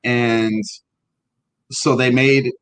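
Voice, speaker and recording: A man with a middle-pitched voice co-hosts a casual podcast, blunt and profane, often stopping to restart a thought. The sound is dry and close, with no room echo. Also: little pitch movement, drawn-out words, fairly bright tone, clear, resonant tone. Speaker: podcast co-host. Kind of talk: casual history podcast chat.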